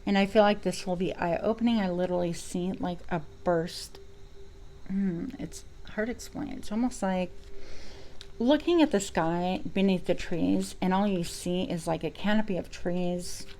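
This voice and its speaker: A woman's voice: on the low side, normal speed, warm tone, slight background noise, poor audio. A woman giving a spiritual card reading to her viewers, reflective and searching for words as she goes. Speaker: tarot reader.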